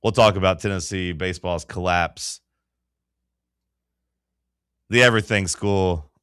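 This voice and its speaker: A man hosts a sports talk radio show, chatting loosely and rambling through a story. His voice sits low and sounds close and dry, with no room in it. He acts out the people he quotes along the way. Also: steady tone, measured pace, a bit bright, smooth, no echo. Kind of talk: casual chat.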